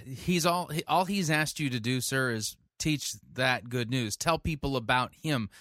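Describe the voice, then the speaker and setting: A man's voice: mid-range voice, a little slow, pushed and bright, no room sound. A man interrupting a sermon clip with dry, sarcastic, scolding commentary. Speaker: podcast host critiquing a sermon. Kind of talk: sardonic commentary.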